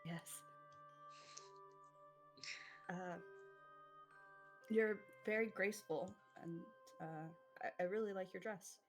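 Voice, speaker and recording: A woman's voice: medium pitch, takes it slowly, pauses often, faint music behind. A woman playing in a tabletop role-playing game, hesitant and giggly. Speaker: player.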